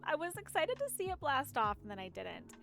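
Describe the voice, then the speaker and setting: A woman's voice: sits high, huge pitch swings, fairly quick, creaky, a bit bright. A woman streamer chatting casually and rambling while she plays, often giggling. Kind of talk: casual chat while gaming.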